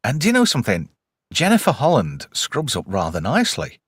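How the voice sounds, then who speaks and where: Animated man recapping a show. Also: mid-range voice, a little fast, slightly rough, no echo, studio quality. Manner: animated, swears freely, recaps episodes with acted quotes. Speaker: podcast host. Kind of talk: casual chat.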